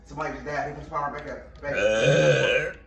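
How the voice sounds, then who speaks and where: A man's voice: on the high side, flat delivery, racing, recorded from a distance. A man playing a video game alongside his partner, making blunt, cursing callouts in casual chat. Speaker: gaming partner. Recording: roomy echo.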